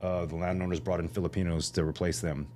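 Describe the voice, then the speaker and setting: A man's voice: low voice, flat delivery, fast talker, darkish tone, slight background noise. A man from San Jose, a podcast guest telling rambling, profane stories with lots of fillers in a casual chat. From San Jose, California.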